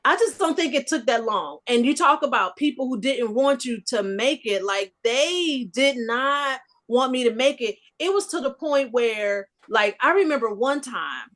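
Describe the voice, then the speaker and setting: Woman in her fifties, high voice, animated, emphatic, casual group chat storytelling. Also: a little slow, few pauses. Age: 50s. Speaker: discussion panelist.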